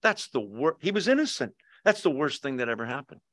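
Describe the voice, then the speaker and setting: A man's voice: mid-range voice, big pitch swings, brisk, fairly bright tone, no room sound, studio quality. Joking man teaching a Bible study. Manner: conversational, jokey, asks the audience questions. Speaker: pastor. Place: church hall, with Zoom viewers.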